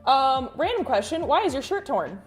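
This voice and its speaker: A woman's voice: high-pitched, big pitch swings, normal speed, faint music behind. A woman hosting a casual art livestream. She rambles with many fillers and restarts, reads viewer chat aloud, and calls people "sweet bean" and "honey.". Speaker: artist and livestream host.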